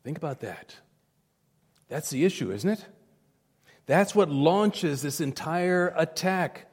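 A man's voice: a little high, lively intonation, slow pace, pauses often, a little mellow, breathy edge, big-room sound. A male pastor preaching a sermon emphatically, with repeated phrases and direct appeals to his listeners.

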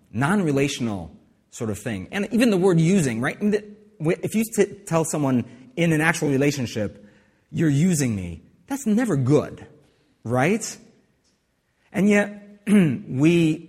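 A man's voice: a little high, a little mellow, slightly rough, big-room sound. A man preaching a sermon as pastor, in a conversational way with asides and restarts.

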